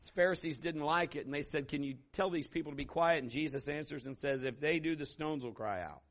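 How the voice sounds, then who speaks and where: A middle-aged man preaching a sermon as pastor, telling stories and acting out voices with sudden loud bursts. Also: on the high side, fairly quick.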